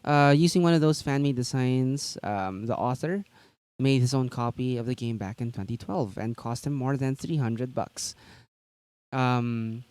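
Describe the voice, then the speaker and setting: A man's voice: medium pitch, a little slow, a little mellow, clean tone, no echo. Casual rambling man on a dry mic. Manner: casual, rambling, many fillers and restarts. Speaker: co-host of a tabletop gaming news show. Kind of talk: casual live-stream news chat.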